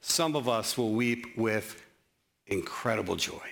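A man preaching a sermon as pastor, animated, with sudden rises in pitch and slow, emphatic scripture reading, plus some self-deprecating humor. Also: vocal fry.

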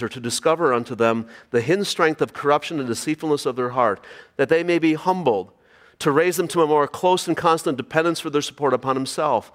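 Male pastor, sermon, earnest, rhetorical questions, slightly high voice, church reverb. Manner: earnest preaching with rhetorical questions, reads scripture aloud.

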